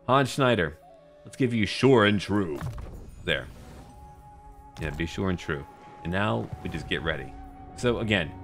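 Man, low voice, swinging pitch, cocky game commentary, trash-talking enemies. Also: animated, measured pace, long pauses, a bit bright, faint music behind. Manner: playful, boastful trash-talk of enemies. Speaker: gaming YouTuber. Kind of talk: roleplay campaign commentary.

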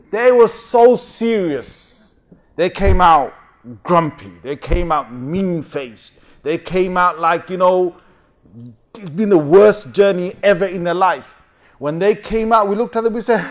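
Animated preacher, lively storyteller. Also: male voice, measured pace. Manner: animated, laughing often, big swings in pitch and loudness; chatty, asks the audience for agreement. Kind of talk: storytelling sermon.

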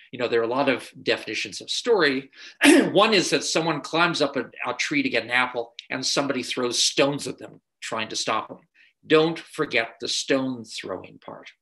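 A man's voice: medium pitch, creaky, pushed and bright. A man giving a masterclass lecture as a screenwriter, telling anecdotes in a conversational way with frequent filler sounds and restarts.

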